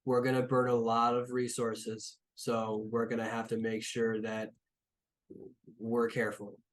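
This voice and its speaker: A man's voice: medium pitch, completely flat delivery, unhurried. A man narrating as game master of a tabletop game, talking casually with lots of fillers and the odd swear word.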